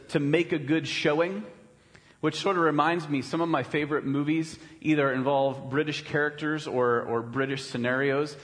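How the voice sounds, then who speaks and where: A pastor preaching a sermon in a conversational way, often checking in with rhetorical questions. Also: male voice, on the high side, fairly bright tone, in a large hall. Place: church.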